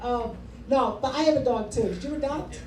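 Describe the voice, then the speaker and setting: A man's voice: very high-pitched, normal speed, a little mellow. A male stand-up comedian working the crowd in a comedy club, brash and profane, teasing the audience. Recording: echoey room, distant mic, noisy.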